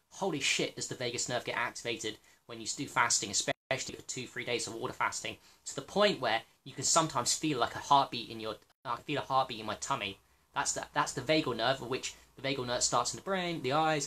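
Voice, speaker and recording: Blunt, sweary man ranting. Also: medium pitch. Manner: blunt, swears often, animated rant. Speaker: health channel host. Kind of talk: casual monologue.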